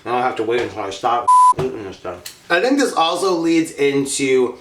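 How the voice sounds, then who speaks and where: A man's voice: medium pitch, very animated, normal speed, reverberant, heavy background noise. A man hosting a casual mukbang vlog, chatting and laughing as he eats candy. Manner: chatty, laughing, talking while eating candy. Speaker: vlogger.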